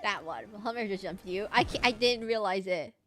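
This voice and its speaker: A woman's voice: mid-range voice, expressive, moderate pace, a bit bright, faint music behind. A woman streaming a game, chatting casually with her viewers in a giggly, rambling way. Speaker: VTuber streamer. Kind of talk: casual livestream chat while gaming.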